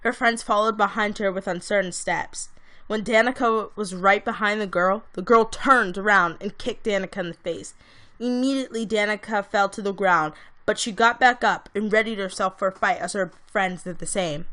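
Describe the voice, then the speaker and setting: Give me a woman with a bright voice reading a story aloud plainly, tripping on a word now and then. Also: mid-range voice, normal speed. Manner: plain reading with small stumbles. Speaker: amateur reader.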